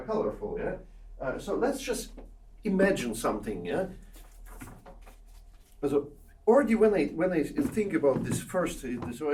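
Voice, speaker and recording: Animated male piano teacher, far off in a roomy hall. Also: on the high side. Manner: coaxing, checks in with 'yeah?' and 'eh?' often, sings phrases to show them. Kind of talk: masterclass teaching. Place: recital hall or studio with a piano.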